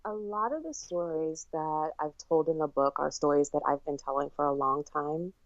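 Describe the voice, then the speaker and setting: Woman, author guest, very low voice, dry dull sound, reflective, laughs often. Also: normal speed, dry recording. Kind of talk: interview conversation. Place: lives in Michigan.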